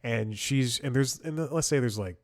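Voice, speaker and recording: In a darkish, medium-pitched voice at normal speed, with no echo, a young male comedy podcast host spins a meandering story. This casual monologue is dotted with chuckles and sentences he starts over.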